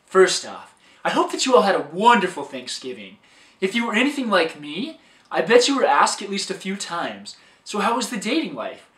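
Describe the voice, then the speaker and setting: A man's voice: high voice, big pitch swings, moderate pace, fairly bright tone, far from the mic. A man giving an upbeat, scripted talk as a dating coach, recorded in an echoey room a little way from the microphone.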